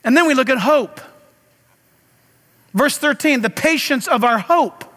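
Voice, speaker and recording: A man's voice: extremely high pitch, animated, a little slow, a bit bright, big-room sound. A man preaching a sermon as pastor, talking straight to his congregation with passion. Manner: impassioned preaching, direct address to congregation.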